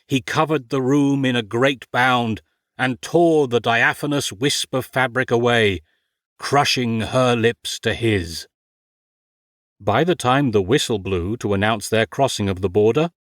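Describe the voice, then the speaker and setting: A man narrating an audiobook in a measured, wry storytelling manner. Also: mid-range voice, a bit bright, no echo, studio quality. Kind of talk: scripted narration.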